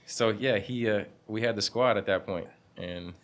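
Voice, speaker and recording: A young man with a very low, deep voice tells stories from his barbershop in a relaxed interview. He talks loosely with slang, laughs easily and slips into the voices of people he quotes. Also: normal speed. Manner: laid-back, laughing, slangy, acts out quotes. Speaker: barbershop owner, guest. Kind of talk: casual interview storytelling.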